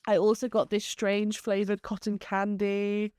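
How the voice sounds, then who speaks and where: A woman's voice: mid-range voice, monotone, measured pace, a little mellow, clean tone, dry recording, studio quality. Giggly woman co-hosting a chat. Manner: giggly, laughs often. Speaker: podcast co-host. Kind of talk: casual chat.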